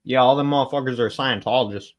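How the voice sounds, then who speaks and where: A man's voice: medium pitch, quick pace, highs cut off. A man co-hosting a casual podcast chat, cursing a lot, joking around and admitting he is forgetful. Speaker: podcast co-host.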